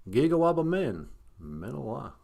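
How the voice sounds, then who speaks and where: A man's voice: medium pitch, big pitch swings, moderate pace, vocal fry, a little mellow. A man voicing a serious, polite male dog with a Southern US accent, who stammers and defers to the host. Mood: earnest.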